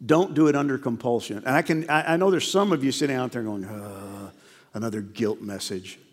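A man's voice: fairly high pitch, animated, fast, big-room sound. A middle-aged man preaching a sermon in a church, earnest and conversational, full of rhetorical questions. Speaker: pastor. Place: church sanctuary.

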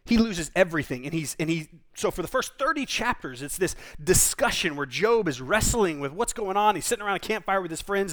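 A man's voice: high-pitched, a bit bright. A man, a pastor, preaching a conversational sermon in an earnest, informal way, often restarting and repeating words.

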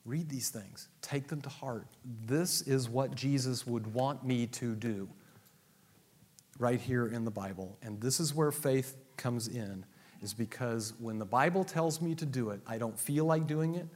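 A man preaching a sermon with humor, acting out quotes and laughing at his own jokes, pastor leading a congregation. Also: mid-range voice. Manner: animated, humorous, acts out quotes. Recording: long hall reverb.

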